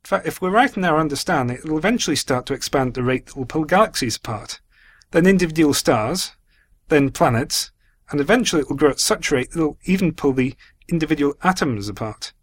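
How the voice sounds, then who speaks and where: A man answers listeners' astronomy questions on a podcast, explaining in a measured way. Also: on the high side, animated.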